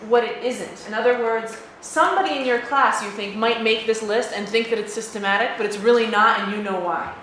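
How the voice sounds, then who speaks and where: A woman teaching a class, brisk and direct, calling on students by name. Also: a little high, fairly bright tone. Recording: echoey classroom with noise.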